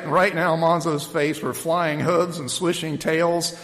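A man opens his sermon by reading a story, his voice sitting a bit high for a man. He tells it with lively energy and shouts the calls loudly, then slips into relaxed talk with a few fillers. The sound carries a long reverb, as in a large hall. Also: measured pace, creaky, hardly any pauses. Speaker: preacher. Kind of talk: sermon opening with a story read aloud.

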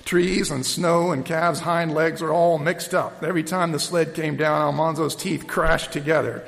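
A man preaching a sermon who reads a story aloud with lively, shouted calls, then talks plainly with fillers. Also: a little high, normal speed, gravelly. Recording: long reverb of a large hall.

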